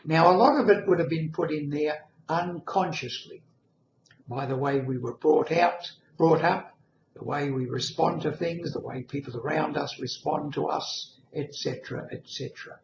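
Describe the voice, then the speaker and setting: A man giving a storytelling talk, animated, shifting pitch and loudness. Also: moderate pace, gravelly, a little hiss or hum. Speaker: speaker. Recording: echoey room, dull lo-fi sound.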